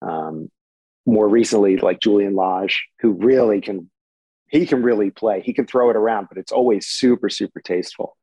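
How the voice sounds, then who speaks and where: A man in his forties, a guitarist guest, telling stories in a relaxed, chatty way with many fillers. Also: fairly low pitch, normal speed, husky, dry recording, highs cut off. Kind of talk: conversational storytelling. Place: home. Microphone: remote recording.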